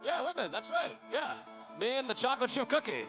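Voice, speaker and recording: A man's voice: very high-pitched, big pitch swings, brisk, muffled recording. A man doing loose, friendly banter on a theater stage as he introduces another comic. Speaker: stand-up comic introducing the host. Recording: echoey venue from far off. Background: crowd and music.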